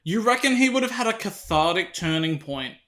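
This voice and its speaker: High, lively man arguing. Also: a little fast. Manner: argumentative, swears casually. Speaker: podcast co-host. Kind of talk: casual film-review chat.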